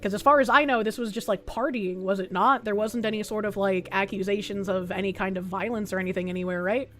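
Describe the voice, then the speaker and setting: A woman's voice: medium pitch, steady tone, quick pace, a bit bright, soft background music. A young adult woman streaming, chatting loosely through casual reaction commentary, swearing freely and reading chat messages aloud.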